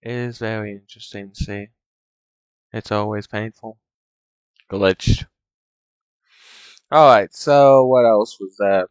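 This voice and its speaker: A man's voice: on the low side, steady tone, slow pace, long pauses, smooth, no room sound, dull audio. A man in a casual, rambling monologue, complaining in an exasperated way to his chat as a streamer.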